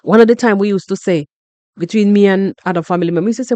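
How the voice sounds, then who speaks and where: A Jamaican woman hosting a podcast, talking through a story in an animated, repetitive way and often asking "you understand?". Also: mid-range voice, rapid-fire, no room sound. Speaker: podcast host. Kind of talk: casual commentary monologue.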